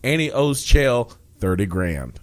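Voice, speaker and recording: A man co-hosting a combat sports podcast, talking casually and quickly in bursts, often laughing. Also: mid-range voice. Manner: animated, talks fast in bursts, laughs often. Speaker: podcast co-host.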